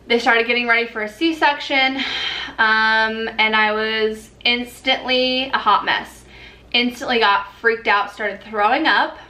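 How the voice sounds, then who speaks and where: A woman's voice: fairly high pitch, bright, forceful tone. A young woman vlogger telling a personal story in a candid, chatty way, with many fillers. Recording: echoey room.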